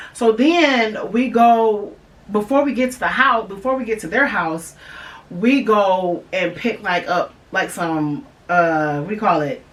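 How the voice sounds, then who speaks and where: A woman's voice: fairly high pitch, a bit bright, recorded from a distance. A young woman hosting a podcast, telling a personal story in a chatty way, speaking straight to her listeners with lots of fillers and restarts. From Michigan. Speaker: podcast host.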